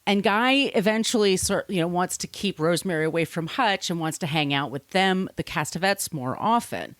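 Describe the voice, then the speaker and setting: A woman's voice: on the low side, expressive, normal speed, no room sound. A woman co-hosting a casual podcast, retelling a plot and slipping into the characters' lines as she goes. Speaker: podcast co-host. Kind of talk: casual chat.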